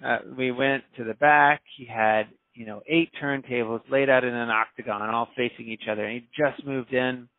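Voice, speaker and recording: A man's voice: medium pitch, moderate pace, hardly any pauses, dry recording. A man, a DJ, telling a story casually and acting out the voices of the people in it. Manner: animated, acts out quoted voices. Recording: dry, phone-like narrow sound.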